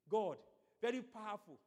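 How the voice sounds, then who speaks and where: A man's voice: high voice, expressive, a little slow, a little mellow, long reverb tail. A man preaching a sermon as pastor, mixing scripture with playful acted-out asides.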